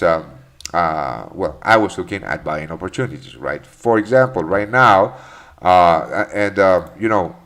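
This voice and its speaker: A man hosts a live trading session, walking viewers through his charts. His deep voice rises and falls a lot as he rambles, restarts sentences and drops fillers. He speaks casually and calls viewers mate. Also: a bit bright. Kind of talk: live market commentary and Q&A.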